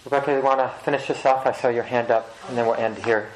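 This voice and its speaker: Male meditation teacher, measured and reflective, mid pitch, echoing meeting room. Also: fairly even intonation. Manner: slow, measured, pausing to search for words. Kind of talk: reflective dharma talk to a group. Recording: roomy echo of a meeting hall.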